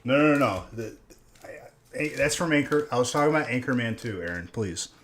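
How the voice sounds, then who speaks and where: A young man chats loosely as he hosts a live stream, rambling from one thought to the next and ribbing his viewers about their spelling. His voice sits at an ordinary mid pitch for a man, and he is alone in a room as he talks. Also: fairly quick, a bit bright. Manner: rambling and teasing, talking to chat. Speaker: live stream host opening card packs. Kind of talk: casual live stream chat.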